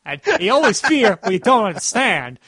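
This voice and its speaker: A menacing adult mobster boss, put on by a man with an exaggerated Chicago accent. The impression is theatrical and hammy, pitched high for a man. The sound is close and dry, with no room around it. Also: very animated, normal speed, fairly bright tone, breathy edge, no echo, heavily acted. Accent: over-the-top Chicago.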